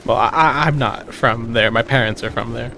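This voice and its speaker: A man's voice: mid-range voice, moderate pace, vocal fry, pushed and bright, slight background noise. An American man streaming a game and chatting casually, often restarting his sentences, swearing freely and laughing easily. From United States. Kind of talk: casual gaming chat.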